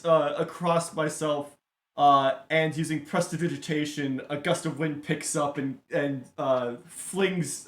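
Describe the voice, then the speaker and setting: A man playing a tabletop game, describing his character's moves in a halting way. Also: fairly high pitch, fairly bright tone. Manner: halting, hesitant with fillers. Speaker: player. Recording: roomy echo.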